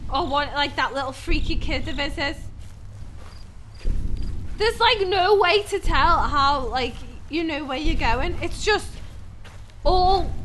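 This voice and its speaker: Jumpy high-voiced woman gamer. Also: pushed and bright, a little hiss or hum. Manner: jumpy, shrieks and swears when startled. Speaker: gaming channel host. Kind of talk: horror game let's play commentary. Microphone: gaming headset.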